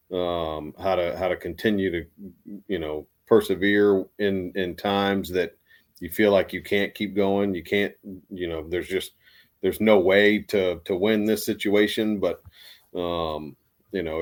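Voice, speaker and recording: Here a man with a deep voice and a darkish tone swaps casual stories, drawing on his time as an Army veteran. The American speaker rambles, restarting repeatedly and using lots of fillers.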